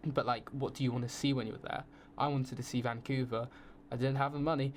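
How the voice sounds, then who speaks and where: A man's voice: medium pitch, fairly quick, slight background noise. Chatty young English man. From England. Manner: chatty, animated storytelling with frequent fillers. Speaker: student guest. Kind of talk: casual podcast chat.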